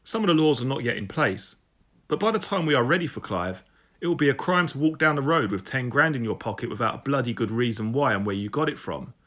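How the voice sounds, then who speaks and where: A man voicing a senior police superintendent who speaks in a measured, menacing way. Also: mid-range voice, animated, fairly bright tone. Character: scheming senior male police superintendent, cold, confident.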